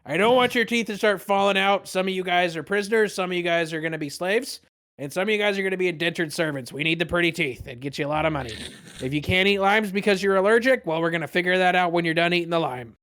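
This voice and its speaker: A man's voice: sits high, fast talker, fairly bright tone, pitched above the performer's own voice. A man voicing a bossy male pirate first mate who barks orders at the crew.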